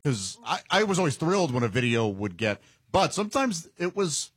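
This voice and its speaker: A husky-voiced man co-hosting a radio show, his pitch moving around a lot as he chats. He laughs easily and chimes in with his own stories from doing comedy. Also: big pitch swings, moderate pace, fairly bright tone, no room sound. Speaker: radio co-host. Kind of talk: casual radio interview.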